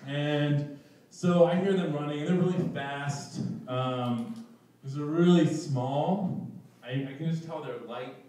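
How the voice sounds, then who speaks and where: A man's voice: fairly high pitch, takes it slowly, warm tone. A young man telling a personal story at a live event, self-mocking and laughing through his lines. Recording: echoey room, distant mic.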